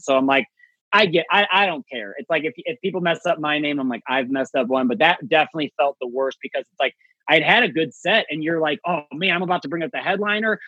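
A male comedian telling a story in casual chat, animated and acting out voices with big jumps in pitch. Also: dry recording, lo-fi sound.

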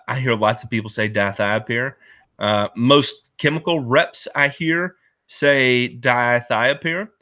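A man's voice: mid-range voice, bright, forceful tone. A man hosting a lawn care show, casually answering viewers' questions in a chatty, self-deprecating way with many fillers. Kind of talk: casual live-stream chat. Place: Knoxville area.

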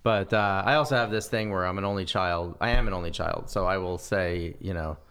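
A man, a touring stand-up comic, telling stories in a relaxed, casual chat. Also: sits low, brisk, clear, resonant tone.

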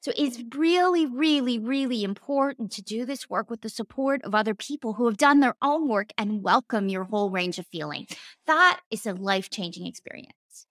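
A woman's voice: fairly high pitch, animated, moderate pace, fairly bright tone, no echo. A woman coach and former therapist giving a casual teaching talk, earnest, with emphatic repetitions and casual slang.

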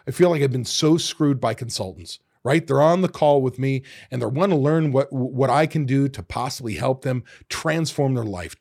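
A middle-aged man hosting a solo podcast, retelling restaurant owners' complaints in an animated, exasperated way with mild swearing. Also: mid-range voice, vocal fry. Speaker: podcast host.

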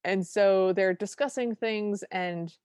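A woman talks through a film in casual podcast chat, bubbly and quick to act out lines she quotes. Her voice is mid-pitched. It sounds dry and close, with no room around it. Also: a little mellow, smooth, dry recording. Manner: enthusiastic, acts out quoted lines. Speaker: podcast co-host.

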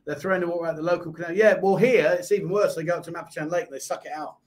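A man's voice: a little high, rapid-fire. A man with a London accent hosting a live chat show, reading out viewer comments and answering them in a chatty way. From England. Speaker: host. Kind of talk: casual live-stream chat.

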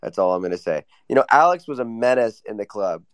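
A man's voice: on the low side, expressive, quick pace, no echo. A man joking around boisterously in a casual chat.

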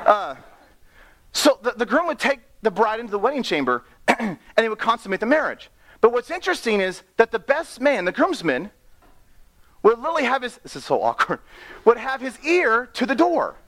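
A young man preaching a sermon, animated and playful, reading scripture and laughing at his own asides. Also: very high voice, normal speed.

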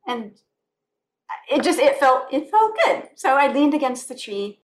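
A woman with a fairly high voice, talking earnestly and from the heart. She often circles back and repeats her phrases as she chats on a podcast. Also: lively intonation, measured pace, a bit bright. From United States. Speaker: guest, spiritual life coach. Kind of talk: conversational podcast interview.

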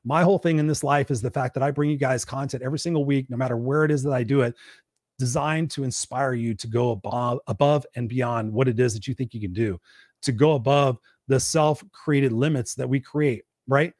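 A man's voice: fairly even intonation, fairly quick, a little mellow, no echo, studio quality. A tired man hosting a live stream, giving a preachy motivational talk and answering his own questions. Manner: acts out whiny quoted complaints in a high voice. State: tired and burned out. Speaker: host of a weekly live stream; parent.

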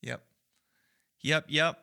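A man's voice: very slow, sharp tone, dry recording, studio quality. A man co-hosting a casual faith podcast, earnestly building an analogy with frequent fillers and restarts. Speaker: podcast co-host.

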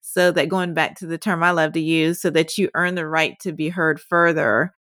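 A woman's voice: low voice, steady tone, moderate pace, dry recording, studio quality. A woman hosting a podcast interview, reacting to her guest with short affirmations and keeping track of the points. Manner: warmly affirming, brief reactions, takes notes. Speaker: podcast host.

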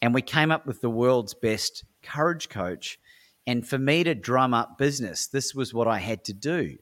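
An Australian speaker and coach, guesting in an interview, tells stories energetically in a mid-range voice at a moderate pace. He acts out dialogue and often restarts his sentences in this animated storytelling.

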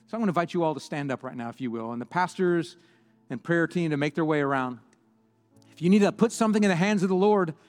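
A male pastor giving an impassioned sermon and altar call in a church, swinging between loud preaching and hushed prayer. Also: on the high side, in a large hall. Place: church auditorium.

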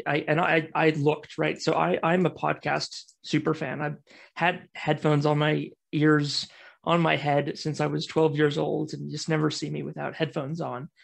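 A man's voice: a little high, creaky. A man with an American accent, raised in New Zealand, giving a chatty, self-deprecating guest talk over a video call. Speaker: guest speaker.

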